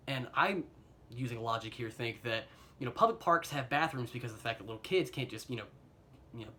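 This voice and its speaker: A man's voice: medium pitch, fairly bright tone. A young American man telling an embarrassing personal story in a casual, rambling way, self-mocking and filled with fillers and chuckles, recorded on a phone camera. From United States.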